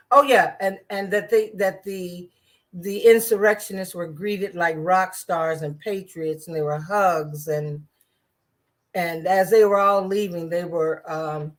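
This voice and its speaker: A woman giving casual political commentary in a sarcastic, rambling way, with many restarts and asides. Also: on the low side.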